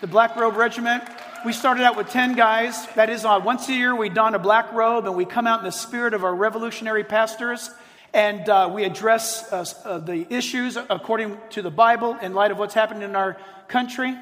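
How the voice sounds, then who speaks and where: A middle-aged male pastor with a high voice delivers a sermon in a large hall, and long reverb trails his words. He tells stories with animation and hammers points home by repeating them. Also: brisk. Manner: animated storytelling, emphatic repetition. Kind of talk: sermon to a live audience.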